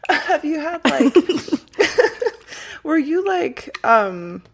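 A woman hosting a podcast in casual chat, giggly and animated, swearing freely on a close microphone. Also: sits high, extremely slow, creaky. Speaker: podcast host.

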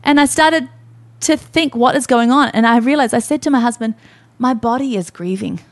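A middle-aged woman on a faith podcast speaks with earnest, heartfelt emotion. Her voice sits on the high side. She often quotes herself as she tells the story. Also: fairly quick. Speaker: podcast co-host. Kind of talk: faith-based casual podcast chat.

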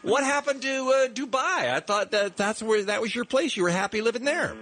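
A man's voice: very high-pitched, lively intonation, fairly quick, a bit bright, slight background noise. A male radio host in a comedy bit, teasing a caller and laughing often.

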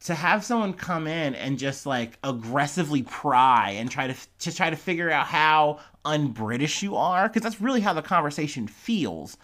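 A man's voice: a little high, normal speed, hardly any pauses. Rambling man commenting casually. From United States. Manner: rambling, filler-heavy, animated retelling.

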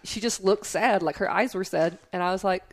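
A woman's voice: medium pitch, fairly quick. A woman co-hosting a podcast, speaking candidly in casual chat and telling stories with quoted asides.

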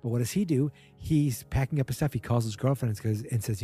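Dark-voiced man rambling through a recap. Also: medium pitch, fairly quick, few pauses, faint music behind. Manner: rambling, with many fillers, acting out quoted lines. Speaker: episode recap host. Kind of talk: casual spoken episode recap.

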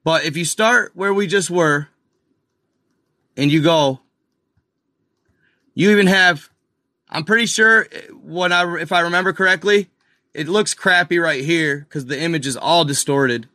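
A man hosts a casual video, walking viewers through pictures with slow, unhurried talk. His voice is bright and a little high for a man, and the sound is dry and close. He keeps pointing things out in amazement and calling his audience y'all. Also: no echo. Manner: addresses viewers as y'all, excited and incredulous. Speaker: video host. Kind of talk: casual screen-share commentary.

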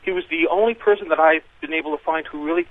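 A man calls in to a radio talk show, halting and filling his pauses with uhs. He comes through a tinny phone line that sounds dry and close. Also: fairly high pitch, no room sound. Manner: hesitant, with many uh fillers. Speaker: caller. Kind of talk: radio call-in.

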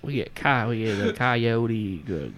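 A man's voice: fairly low pitch, expressive, measured pace, a bit bright, slight background noise. A man narrating a tabletop game as game master in a rambling, filler-heavy way.

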